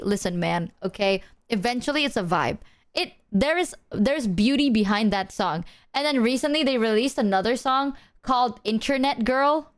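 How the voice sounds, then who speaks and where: A woman's voice: a little high, animated, normal speed. A woman streamer chatting casually with her viewers, playful and swearing freely, breaking into silly sung bits.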